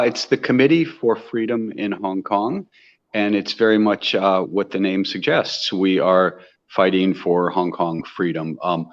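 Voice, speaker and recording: On a muffled recording, a low-pitched American man talks as a guest in a conversational interview. Earnest and impassioned, he keeps restarting his sentences while working toward his point.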